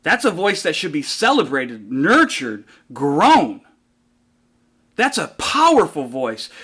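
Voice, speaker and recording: A man giving a motivational keynote talk, telling a story in an animated way and building to rhetorical climaxes. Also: high voice. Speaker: motivational speaker.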